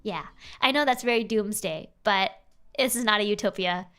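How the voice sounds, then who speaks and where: A young adult woman streaming casual advice chat, animated and playful, jumping up in pitch for emphasis. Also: normal speed, clean tone, faint music behind. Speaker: vtuber streamer giving advice.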